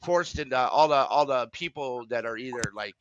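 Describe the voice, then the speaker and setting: A man's voice: mid-range voice, lively intonation, moderate pace, fairly bright tone, dull audio, a little hiss or hum. A man hosting a casual stream chat, rambling with lots of fillers and restarts. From Wisconsin. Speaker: stream host.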